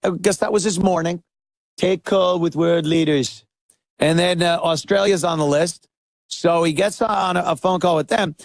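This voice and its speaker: Sarcastic talk-radio man, fairly high voice. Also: normal speed, no echo, studio quality. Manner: sarcastic, mocking, animated. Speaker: guest radio talk-show host. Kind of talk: opinionated talk-radio monologue.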